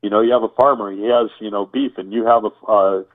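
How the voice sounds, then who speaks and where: A man's voice: on the low side, fairly even intonation, brisk. A man guest in an interview explaining survival preparedness, listing items and repeating points, asking rhetorical questions. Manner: enumerating, repetitive, rhetorical questions. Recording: tinny phone-like line.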